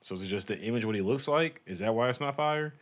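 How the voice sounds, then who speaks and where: A man's voice: mid-range voice, lively intonation, quick pace. A man co-hosting a casual podcast, laughing easily and swearing freely as he talks. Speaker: podcast co-host. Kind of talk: casual chat.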